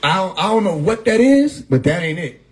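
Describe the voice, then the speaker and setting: A man's voice: high voice, big pitch swings, moderate pace, rough recording. A man talking casually on a livestream, laid-back and profane, often laughing as he talks. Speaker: livestream host. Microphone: phone mic.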